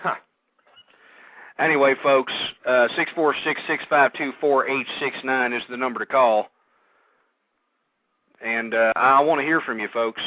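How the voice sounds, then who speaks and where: A man hosting an internet talk radio show, speaking in a rambling monologue that stumbles over repeated words and turns loud and heated. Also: mid-range voice, fairly even intonation, unhurried, long pauses, no echo. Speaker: radio host. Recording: tinny phone-line sound, dry.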